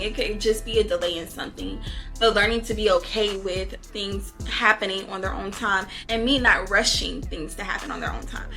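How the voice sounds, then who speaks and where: A woman's voice: medium pitch, bright, forceful tone. A woman vlogger telling personal stories to her viewers in a candid, casual way, laughing often and calling them y'all. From not from Houston. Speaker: book review vlogger.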